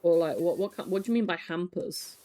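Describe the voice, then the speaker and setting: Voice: medium pitch, brisk, dark tone. Teasing streamer. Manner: chatty, teasing, swears and laughs often. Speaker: live streamer. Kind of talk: casual chat with viewers. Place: home, with a pet rabbit.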